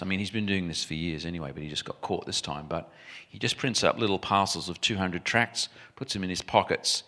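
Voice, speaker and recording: Forceful, emphatic male preacher. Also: low voice. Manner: animated, emphatic preaching with restarts. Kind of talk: sermon.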